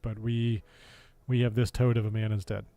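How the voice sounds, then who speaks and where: An American man streaming casual political commentary, sarcastic and laughing often, with halting speech full of fillers and restarts. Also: fairly low pitch, little pitch movement, warm tone, dry recording. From United States.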